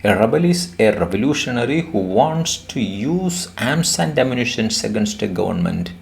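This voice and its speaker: A man's voice: medium pitch, very animated, normal speed, creaky, slight background noise. A man teaching a lesson, explaining a poem and stressing and repeating key words for his students. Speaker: English teacher.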